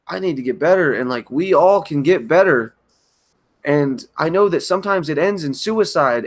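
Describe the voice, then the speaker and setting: A man at home giving a halting, emotional confessional monologue on a livestream, often restarting his sentences. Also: fairly high pitch, a bit bright. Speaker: channel host. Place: at home by a kitchen counter.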